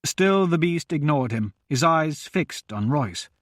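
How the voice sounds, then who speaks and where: A man narrating a fantasy audiobook in a measured, expressive reading. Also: a little high, no room sound, clean studio sound.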